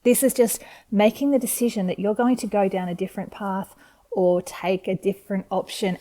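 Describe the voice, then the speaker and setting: This tarot reader has a medium-pitched, mellow and relaxed voice as she reads cards for her viewers, audibly thrilled with each one. Her manner is gentle and encouraging. The clip feels like a home video shot in front of a camera.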